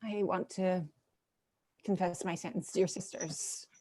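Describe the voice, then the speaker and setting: A woman's voice: lowish voice, steady tone, unhurried, mellow. A woman playing a brooding middle sister about to confess a secret, read over a video call. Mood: confiding. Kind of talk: cold-read stage drama.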